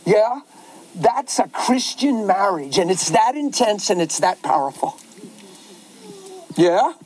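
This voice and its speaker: A middle-aged male pastor preaching a sermon in an animated, folksy way, with asides to the crowd. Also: high-pitched, takes it slowly, a little hiss or hum, poor audio.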